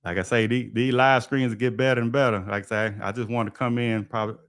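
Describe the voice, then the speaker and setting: A man's voice: medium pitch, steady tone, quick pace, a bit bright, no room sound, studio quality. A man, hosting a livestream and telling stories from his trade in a laid-back, folksy way. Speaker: HVAC technician and livestream host. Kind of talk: casual livestream storytelling.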